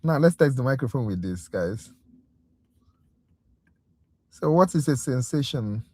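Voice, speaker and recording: Unhurried and expressive, with a dark tone and a medium pitch, this tutor goes on an exasperated, talkative rant in a casual livestream review class. Viewers get addressed directly as "guys," and the sound is dry and close.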